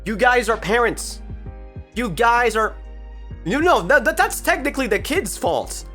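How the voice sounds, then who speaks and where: A woman's voice: a little high, animated, measured pace, a bit bright, faint music behind. A woman telling a story in a casual vlog, rambling and swearing with exasperated outbursts. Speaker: storytime vlogger.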